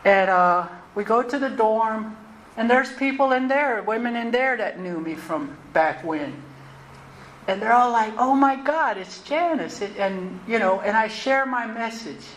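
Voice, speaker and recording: A woman, telling her personal recovery story to a meeting in a candid, conversational and animated way. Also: a little high, measured pace. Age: 60s. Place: meeting hall. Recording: roomy hall, faint noise.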